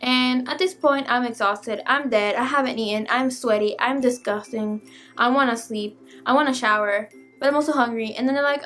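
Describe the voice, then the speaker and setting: Young female vlogger, high voice, exasperated animated storyteller. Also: moderate pace, faint music behind. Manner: animated, exasperated, swears casually. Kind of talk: casual storytime vlog.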